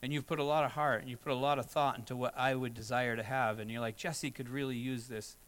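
A middle-aged man delivers a sermon from the pulpit. He is earnest but conversational, and he slips into short acted-out asides. His voice sits at an ordinary middle pitch. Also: fairly even intonation, fast talker, a bit bright, clear, resonant tone, rough recording. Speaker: pastor.

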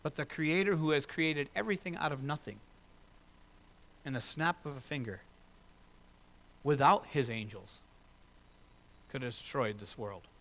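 A man's voice: mid-range voice, a little slow, long pauses, fairly bright tone, big-room sound. A man pastor preaching a sermon in a church, asking his listeners rhetorical questions and building to emphatic passages.

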